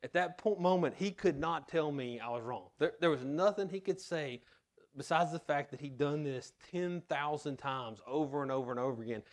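A man's voice: on the high side, normal speed. A man preaching a sermon to his church in an earnest way, reading scripture and telling a personal story. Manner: earnest, tells personal anecdotes. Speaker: pastor.

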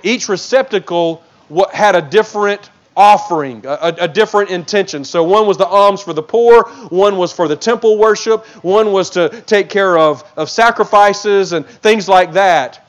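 Pastor guy preaching, high voice, punches lines then goes soft and low, lots of restarts. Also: muffled recording. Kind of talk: expository sermon.

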